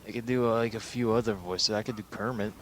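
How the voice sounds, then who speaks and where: A man's voice: lowish voice, steady tone, quick pace, a bit bright, a little hiss or hum. A sleep-deprived young man recapping a film in a rambling, profane way, full of fillers. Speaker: film reviewer.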